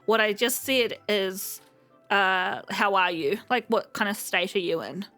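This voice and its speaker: A woman's voice: medium pitch, a little slow, a bit bright, faint music behind. A young woman hosting a let's play, chatting casually and reading the game's text aloud with frequent fillers. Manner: reads game text aloud between remarks, frequent fillers. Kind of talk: casual gameplay commentary.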